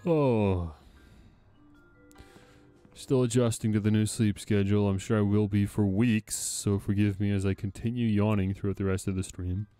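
A man's voice: on the low side, steady tone, normal speed, mellow, smooth, no room sound, faint music behind. Chatty man streaming a game. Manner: chatty, laughs often, rambling. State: sore throat. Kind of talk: casual let's-play commentary.

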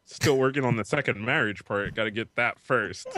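Swearing podcast host, dry close sound. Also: male voice, medium pitch, bright, forceful tone, no room sound. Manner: fast, swearing, joking. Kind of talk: casual podcast chat.

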